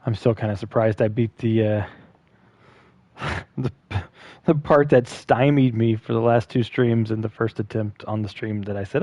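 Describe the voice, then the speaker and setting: A man's voice: fairly low pitch, fairly even intonation, moderate pace, warm tone, no echo. A man streaming a video game live, chatting to his viewers while he plays. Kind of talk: live gameplay commentary.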